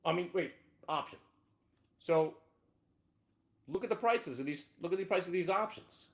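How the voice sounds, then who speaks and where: Brash excitable man ranting about trades. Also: high-pitched, moderate pace. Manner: excitable, loud bursts of shouting, brash. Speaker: market show host. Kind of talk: live trading rant.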